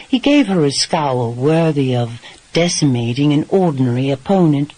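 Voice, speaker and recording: Husky male audiobook narrator. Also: fairly high pitch, sing-song, normal speed, dark tone, no room sound, rough recording. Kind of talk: scripted romance narration.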